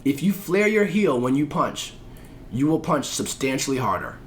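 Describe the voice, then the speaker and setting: A man telling a story as a podcast guest in casual chat, animated and profane, acting out the voices of people he quotes. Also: medium pitch, normal speed, a little hiss or hum.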